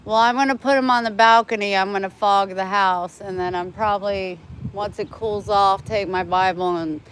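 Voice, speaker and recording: A woman's voice: medium pitch, fairly even intonation, moderate pace, a bit bright, slight background noise, rough recording. A woman vlogging live in casual chat, chatty and plainspoken, talking into a phone outdoors near her home. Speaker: vlogger livestreaming.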